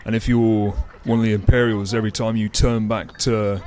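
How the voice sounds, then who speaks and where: A man's voice: on the low side, level tone, moderate pace, darkish tone. A man co-hosting a casual video game chat in a laid-back, agreeable way. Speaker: co-host.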